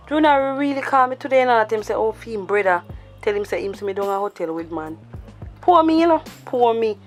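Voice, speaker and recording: A worried Jamaican girlfriend pours out her fears in pleading patois, as a woman plays her. Her voice sits in an even middle range. Soft music plays behind her. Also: mid-range voice, natural voice. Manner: pleading, emotional. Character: distressed young woman fearing her boyfriend's cheating. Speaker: actor. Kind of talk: Jamaican patois movie acting.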